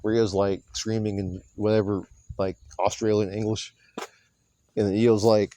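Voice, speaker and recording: A man with a lowish voice talks through a wrestling recap in a loose, rambling way, cursing freely and doubling back to fix his own mistakes. The sound is dry and close, with no room around it. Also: level tone, measured pace, dark tone, no room sound. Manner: rambling, profane, self-correcting. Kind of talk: casual recap monologue.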